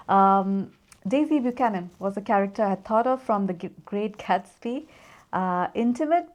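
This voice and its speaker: A woman's voice: mid-range voice, darkish tone. A woman chatting casually through a perfume review, rambling and easily distracted.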